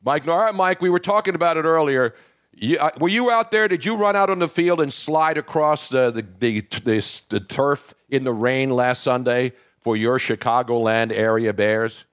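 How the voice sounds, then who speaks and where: A man's voice: medium pitch, normal speed, a bit bright, clear, resonant tone, dry recording, clean studio sound. A man hosting a sports talk show, joking and teasing his guests and laughing often. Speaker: host.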